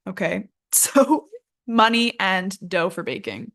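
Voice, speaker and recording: A woman's voice: medium pitch, big pitch swings, slow pace, fairly bright tone. Chatty young woman teaching English. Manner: chatty, laughs at herself, lots of fillers. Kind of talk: casual online lesson.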